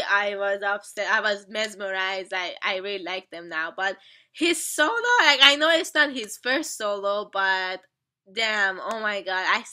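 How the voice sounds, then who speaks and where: Bright-voiced excitable young woman reacting. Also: mid-range voice. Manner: excitable, gushing, stammering. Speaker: reaction video host. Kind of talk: casual music video reaction.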